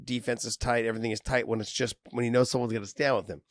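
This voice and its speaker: A man's voice: mid-range voice, steady tone, very fast, dry recording, studio quality. A man co-hosting a casual podcast, laughing easily and talking loosely and profanely, thinking aloud. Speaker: podcast co-host. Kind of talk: casual MMA podcast chat.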